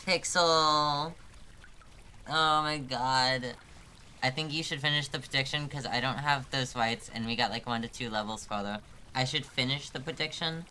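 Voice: mid-range voice, moderate pace, pushed and bright, a little hiss or hum. A live streamer commenting on a hard climbing game, exasperated and self-mocking, joking about being about to cry.

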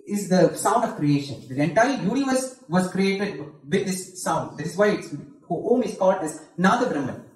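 A man's voice: sits high, very animated. A man teaching a group how to chant a mantra, patiently explaining each part and often checking with "okay?". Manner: chants the mantra in a slow sung tone. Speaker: spiritual teacher. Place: devotional centre hall. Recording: echoey hall, from far off.

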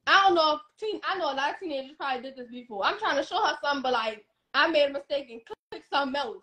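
A young woman, telling her own story in a blunt, animated, casual way and often repeating herself. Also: high voice, racing.

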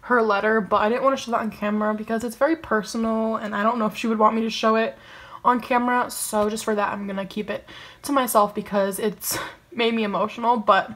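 A woman's voice: medium pitch, fairly even intonation, a little fast, fairly bright tone. A young woman chatting to camera in a casual vlog, bubbly and gushing, giggling often. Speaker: vlogger.

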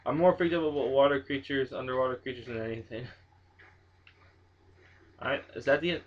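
A man's voice: medium pitch, fairly quick. Jumpy young man in a dull lo-fi recording. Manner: jumpy, nervous, swears often, nervous laughter. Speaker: gaming channel host. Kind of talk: horror game let's play commentary. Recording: dull lo-fi home mic.

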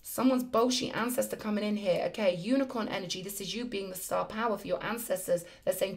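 A woman's voice: medium pitch, quick pace, few pauses. A woman giving an effusive, emphatic spiritual tarot reading in a chatty way to her viewers. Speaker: tarot reader.

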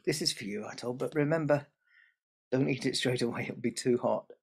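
A man's voice: mid-range voice, a little fast, vocal fry, husky. A man voicing a kindly, motherly village baker woman in a told family story, fussing and grateful.

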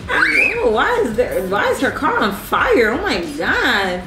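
A woman's voice: fairly high pitch, slow, reverberant, over loud music. A woman hosting a gaming video, giving playful, teasing commentary as she plays alongside someone. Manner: playful, animated, teasing coach. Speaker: gaming channel host. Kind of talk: casual gameplay commentary.

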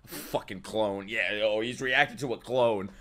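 A man streaming excited reactions to an anime, loud and exclamatory, swearing and breaking into laughter. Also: lowish voice, moderate pace. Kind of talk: excited live reaction commentary.

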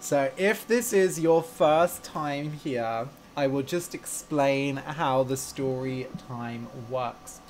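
A man's voice: medium pitch, slow, hardly any pauses, slight background noise. A young man who teaches English and hosts a podcast. He chats casually with learners on a live stream, gushing and playful, and laughs easily.

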